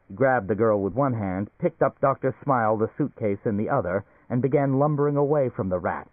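Male audiobook narrator, steady, tinny lo-fi sound. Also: mid-range voice, fairly quick, few pauses, dry recording. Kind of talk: scripted narration. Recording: tinny phone-like recording.

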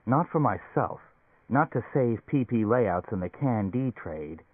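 A man reading the part of a troubled man stranded in a lifeless simulated world, talking roughly and brooding. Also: mid-range voice, animated, slow pace, no room sound. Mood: resolute. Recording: dry, phone-like narrow sound.

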